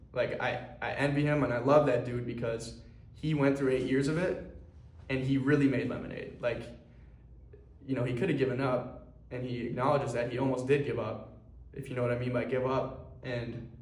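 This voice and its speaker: Here a young man with a medium-pitched, darkish voice speaks to camera in a personal vlog, earnest but rambling and heavy on fillers. He's the founder of a clothing brand, recording in an echoey room.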